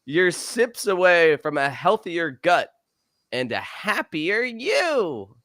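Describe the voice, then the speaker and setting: A man's voice: high voice, big pitch swings, takes it slowly, a bit bright, no room sound, studio quality, pitched above the performer's own voice, exaggerated voice. A man doing a carefree little beach kid. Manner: bubbly sing-song read of ad copy. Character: carefree young boy at the beach. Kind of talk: comic voiced ad reading.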